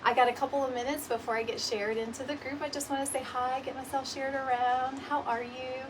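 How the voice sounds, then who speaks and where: A woman's voice: high voice, flat delivery, a little fast. Breathless woman hosting a craft livestream. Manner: chatty, greets viewers by name. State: a little out of breath. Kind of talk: casual livestream chat. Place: home. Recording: distant mic with clear background noise. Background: dog barking.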